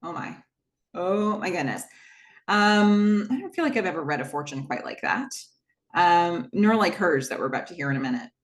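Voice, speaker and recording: A woman's voice: fairly low pitch, lively intonation, normal speed. A woman hosting a podcast, chatting enthusiastically as she recaps a TV episode and acts out bits of its dialogue. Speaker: podcast host.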